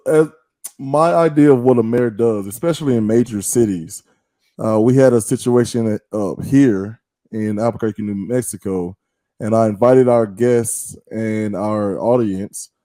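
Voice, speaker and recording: A man's voice: medium pitch, warm tone, dry recording. A man hosting an interview, playful and teasing as he asks questions. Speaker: podcast host.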